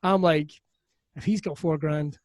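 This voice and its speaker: A Scottish man, a comedian guest, telling stories in a profane, animated way on a podcast. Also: on the high side, unhurried, dry recording. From Scotland. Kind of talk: casual storytelling chat.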